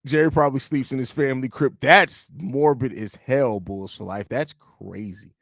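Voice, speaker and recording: A man's voice: mid-range voice, normal speed, creaky, a bit bright, no echo, clean studio sound. A man hosting a live sports podcast, rambling and joking profanely while reading chat aloud. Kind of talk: casual live-stream chat.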